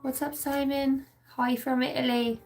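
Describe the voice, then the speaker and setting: A woman's voice: sits high, level tone, measured pace, darkish tone, poor audio. A woman in her thirties giving a casual, profane, rambling live tarot reading as a channeler. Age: 30s.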